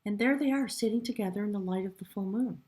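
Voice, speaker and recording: A woman giving a spiritual tarot reading in a soft, reverent way, sometimes dropping to a hush and getting choked up. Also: mid-range voice, fast. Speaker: tarot reader.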